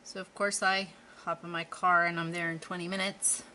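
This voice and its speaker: Low-voiced chatty woman. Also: flat delivery, normal speed, bright, forceful tone, slight background noise. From Western Pennsylvania. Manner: chatty, rambling, self-deprecating asides. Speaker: craft vlogger. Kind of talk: casual chat while painting.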